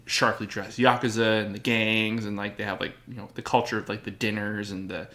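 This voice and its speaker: Bright-voiced rambling young man. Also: lowish voice, flat delivery, a little fast. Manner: rambling, lots of filler words, laughs often. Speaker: podcast co-host. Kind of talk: casual chat.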